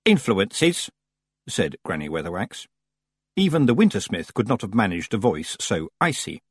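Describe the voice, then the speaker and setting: Husky guy reading a story aloud, really expressive, dry close mic. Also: low-pitched, moderate pace, no room sound. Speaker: audiobook narrator. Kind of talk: scripted narration.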